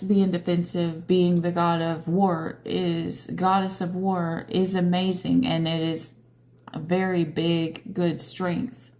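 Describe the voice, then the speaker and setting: A tired woman tarot reader speaks slowly and unhurriedly, in a low, mellow voice. She talks casually to her viewers, often checking in with them with little questions. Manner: slow, conversational, coaxing questions to viewers. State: tired, yawning. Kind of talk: casual spiritual tarot reading.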